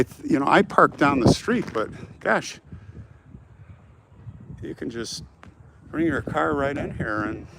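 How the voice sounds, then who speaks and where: A middle-aged American man hosting a live stream, chatting casually and reading viewer comments aloud while he walks. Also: fairly high pitch. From United States. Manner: chatty, friendly, rambling, talks straight to viewers. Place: outdoors on a city street while walking. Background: faint street and traffic noise.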